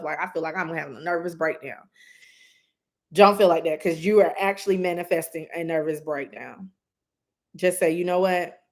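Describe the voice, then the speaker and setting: A woman doing a live intuitive reading, giving earnest, direct advice with many asides. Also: on the low side. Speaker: psychic reader.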